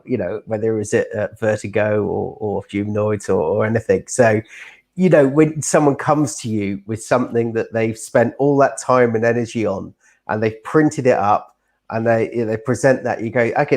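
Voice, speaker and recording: A man's voice: lowish voice, normal speed, darkish tone. A middle-aged man, a publisher, speaking in a casual chat, rambling with many repeats and fillers. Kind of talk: casual video-call chat.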